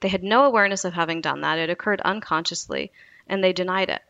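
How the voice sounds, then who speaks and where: A woman, a psychology researcher, explaining experiments in a lively, storytelling way during an interview. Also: on the low side, fast, dry recording, dull audio. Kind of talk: interview conversation.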